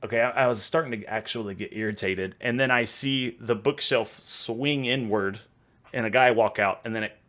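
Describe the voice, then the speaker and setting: Medium in pitch and fairly bright, this man speaks at a moderate clip while hosting a reaction video. He's Texan, a bit tipsy, and gives rambling, chatty commentary, laughing easily as he goes.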